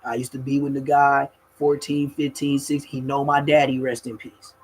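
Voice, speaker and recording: A man telling a street story in a casual, animated, profane way, often laughing and acting out other people. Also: medium pitch, normal speed, slightly rough, low-quality recording.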